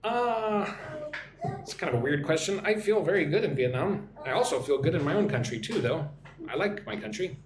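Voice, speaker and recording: A man from Texas with an American accent, hosting a live-stream English lesson, chatty and repeating phrases slowly for learners. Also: fairly high pitch, lively intonation, reverberant, slight background noise. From Texas, United States. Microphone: phone or computer mic for live stream.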